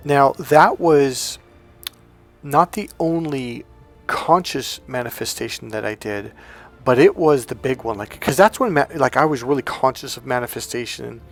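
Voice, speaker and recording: Guy with a gravelly voice, coach telling a story, animated, faint music behind. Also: mid-range voice, unhurried. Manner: animated, acts out quoted voices with laughs. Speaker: life coach and energy healer. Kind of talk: storytelling monologue.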